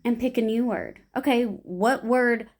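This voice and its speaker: Young female improv teacher, animated, slightly high voice, beginner lesson. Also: measured pace. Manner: animated, acts out short example lines.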